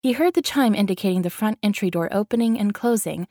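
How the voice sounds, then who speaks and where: A woman reading a romance novel aloud in a steady, even narration. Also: mid-range voice, quick pace, no echo, studio quality. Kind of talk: audiobook narration.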